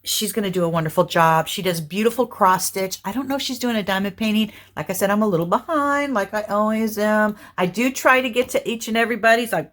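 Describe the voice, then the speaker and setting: A woman's voice: mid-range voice, fairly bright tone. A middle-aged woman, hosting a craft channel in casual, rambling chat with her viewers. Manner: rambling, chatty, talks fast and apologizes for it.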